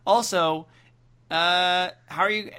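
Bright sarcastic man co-hosting a podcast. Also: sits high, fairly even intonation, slow pace, clean tone. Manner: sarcastic, reads list items aloud and riffs. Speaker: podcast co-host. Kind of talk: casual comedic podcast chat.

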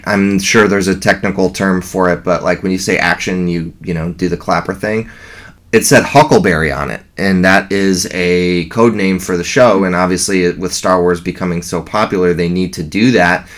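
Casual fan podcast: man, low voice, rambling, enthusiastic.

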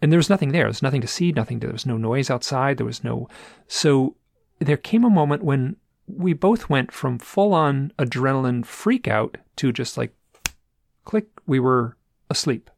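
Gravelly man telling a long story. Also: mid-range voice, lively intonation, normal speed, no room sound, studio quality. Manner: rambling, with restarts and repeated phrases. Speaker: guest telling an experience. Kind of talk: casual storytelling.

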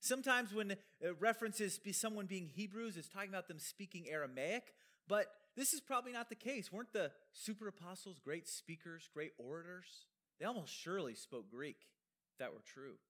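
A man's voice: high voice, lively intonation, a little fast, bright, forceful tone. A man preaching an expository sermon, explaining a Bible passage with emphatic rhetorical questions and conversational asides.

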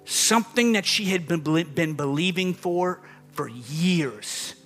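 A man's voice: high voice, animated, slow pace, a bit bright, faint music behind. A man preaching a sermon as pastor, emphatic, his voice rising and dropping with the point he makes. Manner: emphatic, rising and falling dynamically.

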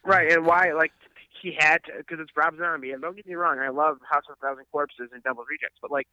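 A man's voice: fairly high pitch, fast talker, pushed and bright, dry recording, muffled recording. A man chatting casually as a podcast co-host, emphatic and swearing freely. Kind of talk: casual chat.

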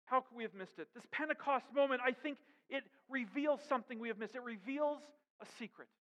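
A man's voice: extremely high pitch, fairly bright tone. A man preaching a sermon as pastor, with emphatic rhetorical questions. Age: adult with young daughters. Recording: dull sound with long hall reverb.

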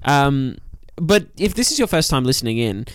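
A man's voice: mid-range voice, big pitch swings, normal speed, fairly bright tone, no room sound. A young man co-hosting a casual movie podcast, laid-back and rambling, swearing freely. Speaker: podcast co-host.

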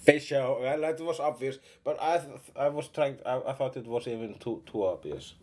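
A man's voice: mid-range voice, moderate pace, darkish tone. A man from Iceland in casual chat, playful and trying silly impressions.

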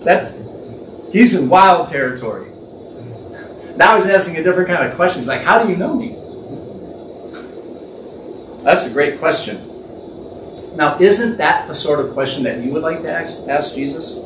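High-voiced man musing through a Bible passage. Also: normal speed, long pauses. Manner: musing and imaginative, thinks aloud and corrects himself. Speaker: Bible teacher. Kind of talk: conversational Bible teaching. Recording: echoey room, distant mic, faint background noise.

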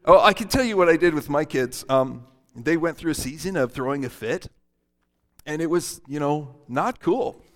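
Joking pastor in an echoing hall. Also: male voice, on the high side, expressive, moderate pace, a bit bright. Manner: humorous, conversational. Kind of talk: sermon. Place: church hall. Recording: long hall reverb.

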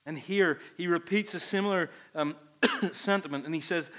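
Earnest preacher, fairly high voice. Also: male voice, moderate pace, fairly bright tone. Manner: earnest, emphatic preaching with repeated phrases. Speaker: pastor. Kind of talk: sermon.

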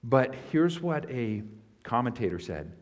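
A man's voice: medium pitch, sing-song, unhurried. Man preaching an earnest sermon. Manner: earnest expository preaching with emphatic swells. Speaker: pastor.

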